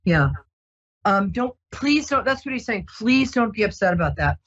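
A woman hosting a psychic radio show, talking gently and reassuringly with many ums and restarts. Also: fairly high pitch, expressive, moderate pace, husky, dull audio. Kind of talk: casual radio psychic reading.

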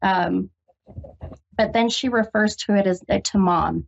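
Gravelly-voiced woman giving a gentle psychic reading. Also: mid-range voice. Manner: halting, full of ums, gentle and reassuring. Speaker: psychic medium host. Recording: dull lo-fi radio recording.

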